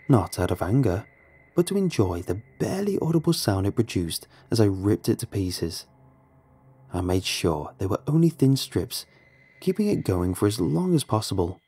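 Husky, low-voiced man narrating horror. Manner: hushed and dramatic. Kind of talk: first-person horror story narration.

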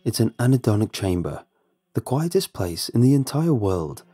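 A man doing a quiet, cold and mysterious older captor in a horror tale. He probes calmly in a low, husky voice that stays hushed. Faint music lingers behind him. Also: normal speed.

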